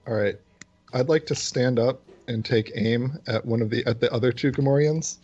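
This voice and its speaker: Hesitant player with a husky voice. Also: medium pitch, moderate pace, darkish tone. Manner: hesitant, questioning. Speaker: tabletop player. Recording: dull lo-fi recording.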